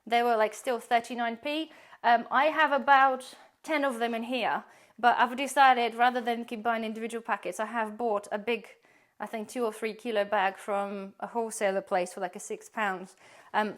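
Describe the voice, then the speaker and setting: A woman's voice: a little high, steady tone, moderate pace, hardly any pauses. A woman, giving a chatty, rambling tour of her pantry and laughing often. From UK-based. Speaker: prepping vlogger.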